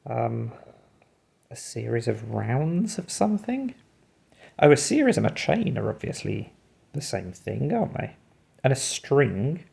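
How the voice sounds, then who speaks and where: A man's voice: medium pitch, sing-song, a little slow, vocal fry, long pauses, a little mellow, husky. A man hosting a puzzle video, musing and talking himself through his guesses while solving a word game.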